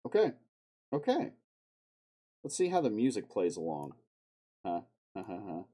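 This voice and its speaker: A man chats to himself casually while editing on a live stream, often cursing and sometimes bursting out loud. His voice is husky and warm in tone, and his pitch jumps around a lot as he reacts. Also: wildly swooping pitch, a little slow. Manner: profane, muttering to himself, sudden outbursts.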